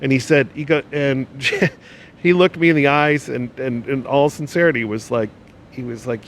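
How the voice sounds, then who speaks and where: A man of ordinary pitch recalls old radio days in a halting, restart-filled way, growing emotional as he speaks. A faint hiss sits under his voice. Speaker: podcast co-host, former radio programmer. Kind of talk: casual reminiscing chat.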